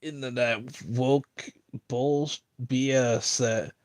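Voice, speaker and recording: Man, mid-pitched, dry close sound; loose rambling streamer delivering a mocking monologue. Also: steady tone, drawn-out words, no echo. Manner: rambling, filler-heavy, mocking.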